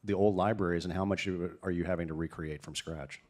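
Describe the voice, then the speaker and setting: Man, slightly low voice, podcast host, conversational, winding questions. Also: fairly even intonation, fast talker, a little mellow. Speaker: podcast interviewer. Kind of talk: interview questions.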